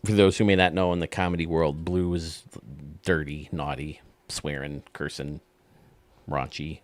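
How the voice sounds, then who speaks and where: A man's voice: very deep voice, level tone, normal speed, no room sound. A male host casually telling dirty jokes and chuckling at his own punchlines. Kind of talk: casual joke-telling chat.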